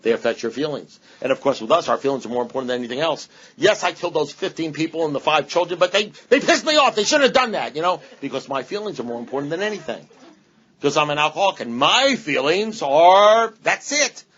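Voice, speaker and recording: A man's voice: on the high side, a bit bright. Blunt, rambling man speaking at a meeting. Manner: rambling, blunt, punchy repetition, sarcastic asides. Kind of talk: recovery talk to a meeting. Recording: dull lo-fi meeting recording.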